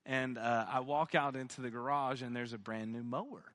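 A man's voice: medium pitch, normal speed, fairly bright tone. A man preaching a sermon, telling a personal story and building to fervent emphasis. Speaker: pastor.

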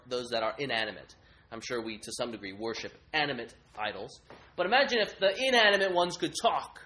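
Animated male preacher. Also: fairly high pitch. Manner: animated, rhetorical questions. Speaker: pastor. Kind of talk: sermon.

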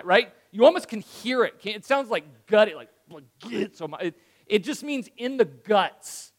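Animated high-voiced male pastor preaching. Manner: animated, acts out Bible dialogue, drops to hushed tones for emphasis. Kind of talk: sermon.

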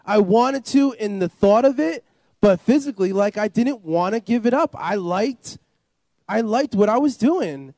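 A man gives casual testimony as an interview guest, wandering and repeating himself with lots of "you know" and "like." His high voice is animated, a touch slow and a little mellow, with no room sound.

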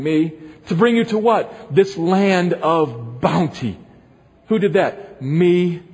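A man's voice: sits high, breathy edge, exaggerated voice. A man voicing God as a loving father who asks rhetorical questions, in a long echoing hall. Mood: insistent. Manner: rhetorical questions, pleading and insistent.

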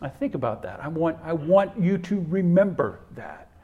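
A man who is a pastor preaching a sermon, stressing key words by repeating them, swinging from loud to hushed, with folksy storytelling asides. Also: fairly high pitch, big pitch swings, moderate pace, slightly rough, muffled recording.

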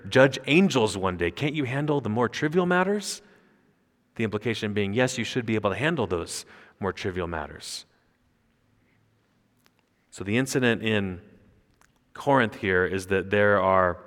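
A man's voice: fairly low pitch, fairly bright tone. A man preaching an expository sermon as a pastor, explaining a passage and rising sharply when he quotes scripture. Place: church sanctuary. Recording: long hall reverb.

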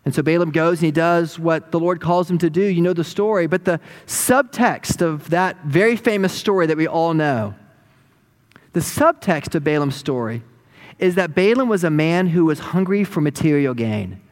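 A man preaches, his voice sitting fairly high as he retells a story with animated energy. His words ring out with a long, trailing reverb from a large hall. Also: normal speed. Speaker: pastor. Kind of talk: sermon.

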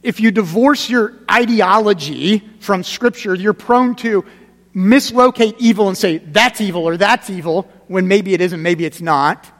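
A man preaching a sermon as pastor, conversational and emphatic, repeating his key points and dropping to a quiet, grave tone. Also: sits high, measured pace, in a large hall.

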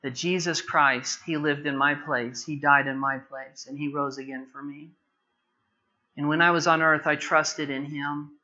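Bright-voiced impassioned male preacher. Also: on the high side, fairly even intonation, measured pace, lo-fi sound. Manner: impassioned, rises to loud emphatic preaching. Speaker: pastor. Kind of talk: sermon.

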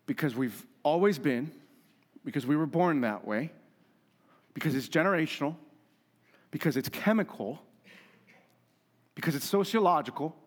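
A pastor preaching a conversational, emphatic sermon with humor and rhetorical questions. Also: male voice, a little high, expressive, moderate pace, long pauses.

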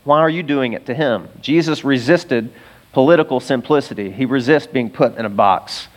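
Speaking at a medium pitch and an ordinary pace, this middle-aged male pastor delivers his sermon conversationally and with energy, breaking off now and then for remarks to the congregation.

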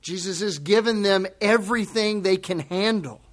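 A man preaching a sermon as pastor, swinging from hushed near-whispers to emphatic outbursts and acting out voices in conversational asides. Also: high-pitched, moderate pace. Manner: acts out quoted speech in conversational asides.

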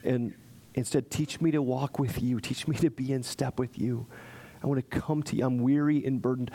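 Pastor, male, medium pitch, earnest pleading sermon delivery with quiet prayer moments. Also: steady tone, moderate pace, creaky.

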